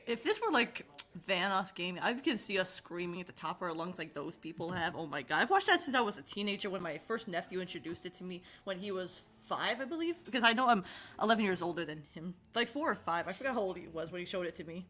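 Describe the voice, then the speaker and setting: Twenties woman hosting a chill call, giggly, kinda nasal, bright voice. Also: lowish voice, expressive, fast talker. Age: 20s. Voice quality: nasal at times. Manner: giggly, chatty, self-conscious. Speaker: host. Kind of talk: casual chat.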